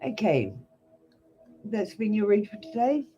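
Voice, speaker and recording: A young Australian woman reads tarot cards live, talking straight and casually to the people watching. Her voice sits mellow and dark rather than bright, and faint music plays underneath. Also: medium pitch, very animated, unhurried, highs cut off. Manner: blunt, chatty, addresses viewers by name. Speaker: tarot reader. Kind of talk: live-stream tarot reading.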